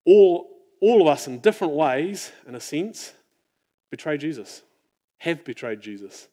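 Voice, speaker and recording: A man preaching a sermon in an earnest, reflective way, often dropping his voice to a near-hush. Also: fairly high pitch, big pitch swings, measured pace.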